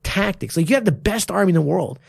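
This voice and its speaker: Gravelly, animated coach swearing freely. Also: male voice, high-pitched, fast, no echo, studio quality. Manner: animated, emphatic, profane. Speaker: martial arts coach and podcast co-host. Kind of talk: casual podcast chat.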